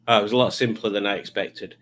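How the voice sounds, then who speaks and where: A man's voice: fairly low pitch, steady tone, fast, fairly bright tone. A man hosting a live quiz stream in casual chat, rambling and self-mocking as he reads out the chat.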